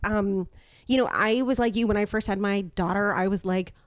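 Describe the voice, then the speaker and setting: A woman's voice: mid-range voice, steady tone, normal speed, no room sound. Woman in her thirties, casual podcast host, talkative and upbeat, dry studio sound. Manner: chatty, filler-heavy, upbeat.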